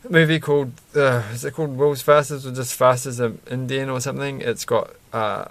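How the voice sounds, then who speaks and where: A man's voice: medium pitch, fairly even intonation, brisk, vocal fry, a bit bright. A man chatting casually and rambling while building a Lego set, often chuckling and correcting himself.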